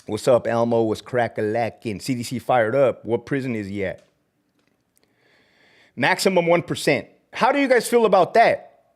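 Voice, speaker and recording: A fired-up, middle-aged livestream host and former corrections officer rants with a medium-pitched, expressive voice at a moderate pace. Reading chat comments, he's heated, profane and mocking, sprinkling in Spanish slang.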